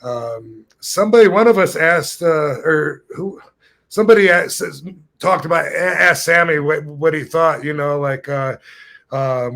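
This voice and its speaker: A man in his fifties chats loosely on a podcast, his voice sitting a little high for a man. He wanders off topic, circles back and chuckles through his own stories. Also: normal speed, a bit bright. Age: 50s. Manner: rambling, loses his thread, laughs at his own stories. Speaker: podcast host. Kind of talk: casual storytelling chat.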